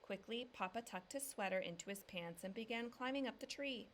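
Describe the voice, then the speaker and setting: A woman teacher calmly reading a picture book aloud to young children, dropping low and soft on the "he said" tags. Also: brisk, a little hiss or hum.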